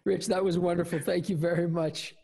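A man's voice: high voice, flat delivery, a little fast, vocal fry, mellow, slightly rough. A man hosting a talk show, introducing segments and praising his guests with enthusiasm. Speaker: show host.

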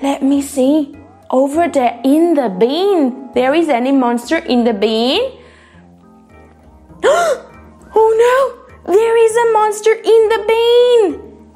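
High-pitched woman, slow and playful. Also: expressive, soft background music. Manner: exaggerated gasps, playful pretend fright, sing-song. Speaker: English teacher for children. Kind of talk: acted children's lesson.

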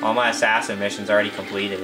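A man's voice: fairly low pitch, flat delivery, fast talker, music in the background. A young man giving casual live commentary over his gameplay. He chats loosely, says "dude" a lot, and often breaks into laughing disbelief.

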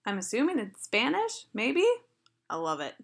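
A woman's voice: a little high, sing-song, moderate pace, gravelly, heavy background noise. A woman vlogger in casual chat, gushing and chatty with lots of filler words.

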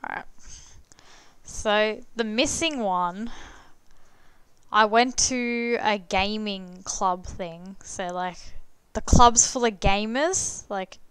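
A woman's voice: medium pitch, slow pace, slight background noise. A young adult woman streamer telling a story casually while playing a game, chatty and swearing freely, full of "like" fillers.

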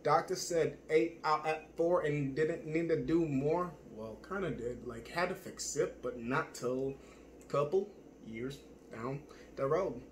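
A man with a somewhat high voice improvises a spoken-word monologue. He rambles and circles back on his thoughts, searching himself out loud. His speech is blunt and full of swearing. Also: measured pace, a little hiss or hum. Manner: rambling, profane, self-searching.

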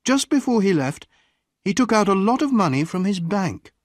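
A man reading a graded short story aloud as an audiobook narrator, in a slow, deliberate way. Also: very animated, no echo, studio quality. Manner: slow, deliberate reading with wide swings in pitch.

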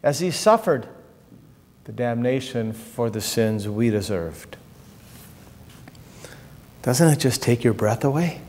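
A male pastor preaching a sermon with passion, swinging between soaring high exclamations and low, quiet drops. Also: animated, slow pace, pauses often. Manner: impassioned, rising to high exclamations then dropping low. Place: church sanctuary. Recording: long church reverb.

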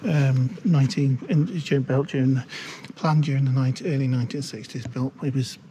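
A man's voice: mid-range voice, steady tone, brisk, warm tone, slight background noise. A man chatting casually as a travel companion, giving laid-back short replies. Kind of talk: casual chat.

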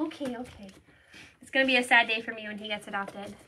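A woman's voice: fairly high pitch, steady tone, quick pace, noisy background. A woman hosting a casual livestream at a cat shelter, chatty and giggly, thanking viewers by name. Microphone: phone held in hand.

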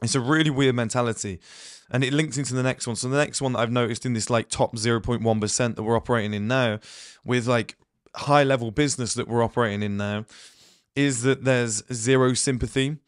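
A man's voice: medium pitch, fairly even intonation, dry recording, clean studio sound. A man who says he is ill, giving a blunt motivational talk to his viewers and acting out little quotes along the way. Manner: blunt, rapid asides and acted-out quotes. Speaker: host. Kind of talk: motivational monologue.

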